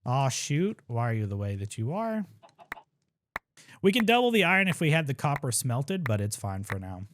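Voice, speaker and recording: A young man at his computer at home, chatting through a game speedrun in a relaxed, thinking-aloud way. His voice sits at an ordinary middle pitch, and he drops dry little jokes at his own expense as he goes. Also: moderate pace, slight background noise. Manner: casual, thinks aloud while playing, self-deprecating asides. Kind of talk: live gameplay commentary.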